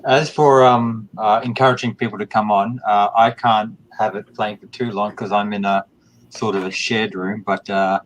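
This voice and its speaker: Halting man hosting from home. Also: on the low side, flat delivery, slight background noise, low-quality recording. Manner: halting, full of "uh" and "um". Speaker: show host. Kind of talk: hosting a casual live stream. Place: shared room at home.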